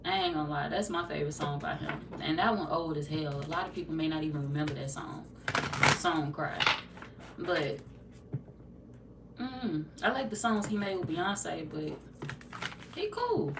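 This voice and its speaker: A woman's voice: low-pitched, moderate pace, gravelly. Profane, laughing young woman livestreaming. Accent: St. Louis. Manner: loose, profane, joking, laughs often. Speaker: tarot livestream host. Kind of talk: casual livestream chat with viewers. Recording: roomy, distant from the mic, light noise.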